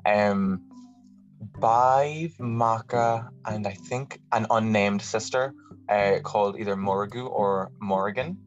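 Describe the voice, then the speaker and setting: An Irish man talking as a podcast guest in a lively, casual way, often restarting his sentences. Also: on the low side. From Ireland. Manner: animated, talks fast with many restarts. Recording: dull lo-fi audio with faint music.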